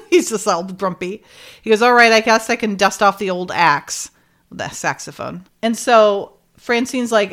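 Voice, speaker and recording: A woman's voice: mid-range voice, fairly bright tone. A middle-aged woman co-hosting a casual recap chat, retelling scenes animatedly and acting out quoted lines with frequent laughs. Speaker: podcast co-host.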